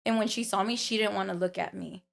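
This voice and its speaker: A woman's voice: medium pitch, steady tone, fast, vocal fry. A young woman telling personal stories in casual chat as a podcast guest, full of fillers and acted-out quotes. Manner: storytelling with many fillers and quoted voices.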